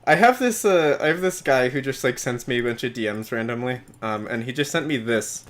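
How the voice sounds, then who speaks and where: A man's voice: medium pitch, lively intonation, a little fast, fairly bright tone. A young man co-hosting a podcast, teasing the others and giggling. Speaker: podcast co-host. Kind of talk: casual chat.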